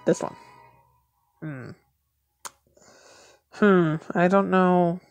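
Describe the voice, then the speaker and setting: A woman's voice: fairly low pitch, very slow, no room sound, soft background music. A woman thinking aloud as she plays a mobile game, muttering to herself and laughing often in casual commentary.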